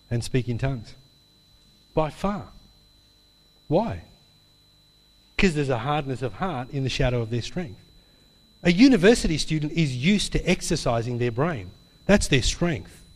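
In a large hall with a long, trailing echo, a man with a slightly high, darkish voice preaches a sermon built around a personal story. He talks in a chatty, anecdotal way, sprinkling in asides and tag questions.

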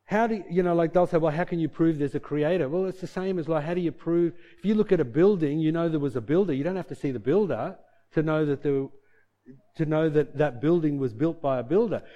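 A man preaches a sermon, mixing scripture reading with a lively personal story. His voice sits slightly high but warm and mellow. He talks in an earnest, conversational way. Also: brisk, muffled recording. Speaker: pastor.

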